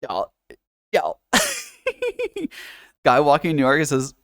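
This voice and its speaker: A man with a slightly high, somewhat bright voice whose pitch swoops wildly speaks slowly in clean, echo-free studio sound. He's a livestreamer chatting casually from his home virtual reality setup, rambling with plenty of fillers and restarts, laughing often and swearing offhandedly.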